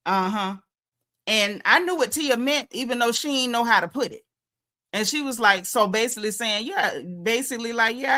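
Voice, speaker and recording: With a bright, punchy voice on the high side, this Southern US show recap host delivers casual livestream commentary. She's sassy, emphatic and down-home, hammering her points and repeating them for effect.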